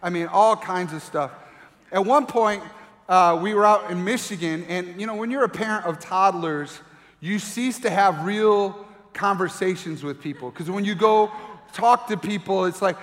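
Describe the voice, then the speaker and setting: A middle-aged man preaching from the pulpit with a fairly high voice. He tells a family story with animated delivery, acting out the voices. His words ring out with the long reverb of a large hall. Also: normal speed. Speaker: pastor. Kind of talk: sermon with personal story.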